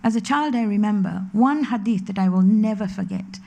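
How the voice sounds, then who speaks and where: A middle-aged woman gives a religious lecture to a women's gathering in a community centre lecture hall. She is chatty and anecdotal, mixing in stories, quoted voices and Arabic recitation. Her medium-pitched voice is fairly quick, creaky and a little mellow.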